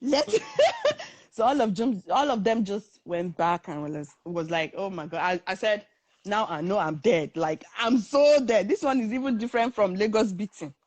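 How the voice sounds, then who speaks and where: A woman's voice: mid-range voice, moderate pace, no echo. A young woman, telling her own story in a casual talk and acting out the voices of the people in it. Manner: animated, acts out the voices of others in her story.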